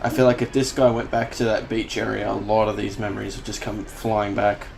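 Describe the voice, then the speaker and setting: Excitable man reacting to a film. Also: lowish voice, fairly quick, vocal fry. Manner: animated, exclaiming, swearing freely. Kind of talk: casual reaction commentary. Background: film soundtrack playing.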